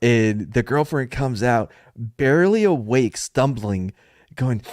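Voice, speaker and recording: A man's voice: mid-range voice, big pitch swings, moderate pace, a little mellow, no room sound, studio quality. A young man hosting a podcast in a rambling, joking casual chat, laughing often. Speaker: podcast host.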